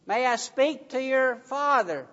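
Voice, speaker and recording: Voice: high-pitched, animated, measured pace, a bit bright, voice pushed up. A preacher playing an impatient boss. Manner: impatient, demanding. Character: irritated company boss on the phone. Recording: dull recording, long hall reverb.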